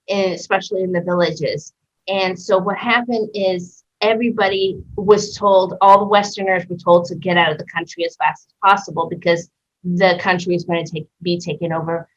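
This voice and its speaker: A woman hosting a podcast, telling a personal story in an animated way and acting out the voices in it. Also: on the low side. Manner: animated, acts out quoted dialogue. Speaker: podcast host. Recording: muffled lo-fi recording.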